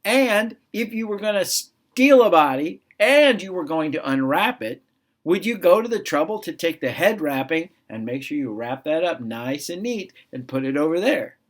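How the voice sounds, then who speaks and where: Man, fairly high voice, children's sermon, conversational, asks the kids questions. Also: very animated, normal speed. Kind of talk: children's Bible lesson.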